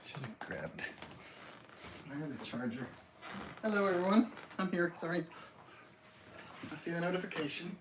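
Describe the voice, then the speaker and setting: A man's voice: fairly high pitch, lively intonation, moderate pace, long pauses, slight background noise. A man with an East Tennessee accent hosting a casual livestream, greeting viewers by name. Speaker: livestream host. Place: outdoors by a tree. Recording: roomy echo.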